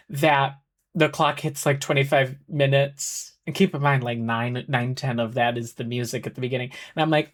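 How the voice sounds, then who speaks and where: A woman's voice: deep voice, moderate pace. A woman streaming a game, chatting in a rambling, giggly way full of fillers and exclaiming at the screen. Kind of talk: casual live-stream chat while playing a game. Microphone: headset. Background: faint game music.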